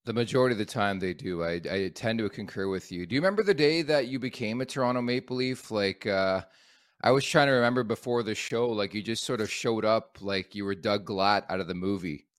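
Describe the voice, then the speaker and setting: Upbeat hockey podcast host guy, lowish voice, dry studio sound. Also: a little fast, no echo. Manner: upbeat, joking, leads the segments. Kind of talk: casual sports chat.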